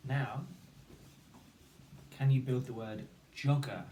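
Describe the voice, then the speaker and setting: A man's voice: medium pitch, fairly even intonation, slow, warm tone. A man teaching a phonics lesson, patiently sounding out letters and words. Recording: echoey room, faint background noise.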